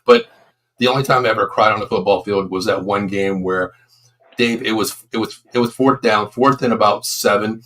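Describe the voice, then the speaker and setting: A man's voice: lowish voice, normal speed, fairly bright tone. A man in his fifties, a former football coach, co-hosting a casual sports talk show and telling long, emphatic stories. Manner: emphatic, rambling storyteller.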